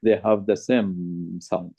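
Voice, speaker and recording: A man asking questions in a casual online group discussion, halting often with "uh" as he searches for words, heard over a video call. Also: low-pitched, steady tone, warm tone, husky. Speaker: discussion participant.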